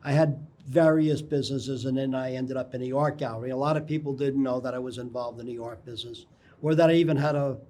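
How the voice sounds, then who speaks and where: An older man, a guest on a local TV interview, telling anecdotes in a rambling way and often clearing his throat. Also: medium pitch, fairly even intonation, fast, mellow. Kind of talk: casual interview storytelling. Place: local TV studio.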